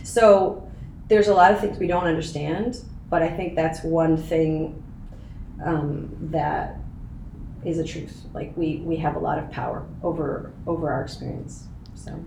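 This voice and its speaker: A woman's voice: sits low, steady tone, unhurried, warm tone. Earnest woman telling her story, echoey. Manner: earnest, emotional storytelling with laughs. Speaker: podcast guest. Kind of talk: casual interview chat. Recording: echoey room, faint noise.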